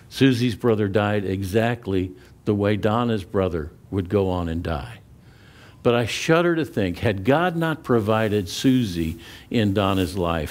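A male pastor preaching a sermon in a lowish voice. He tells stories in a loose, conversational way, repeating words as he restarts sentences, and slows down to press a point.

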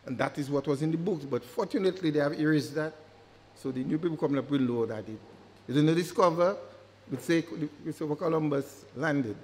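A man's voice: fairly high pitch, brisk, a little mellow. A man giving a public lecture, emphatic, often repeating words for stress. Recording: long hall reverb.

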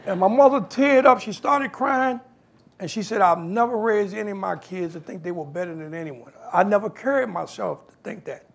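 A man's voice: high voice, a little fast, vocal fry, a little hiss or hum. A man, telling stories from his life as a guest speaker and acting out the voices of people in them. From New York. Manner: animated, acts out quoted voices. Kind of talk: storytelling talk.

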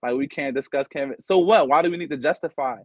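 A man's voice: fairly high pitch, fast talker, darkish tone, dry recording, muffled recording. Emphatic man asking rhetorical questions. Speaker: imam on a roundtable. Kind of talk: panel discussion.

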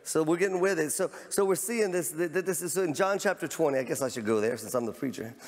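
A man's voice: fairly high pitch, fast. Fervent male pastor in an echoing sanctuary. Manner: fervent, repeats words, rises to near shouts. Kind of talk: sermon. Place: large church sanctuary. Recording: long church hall reverb.

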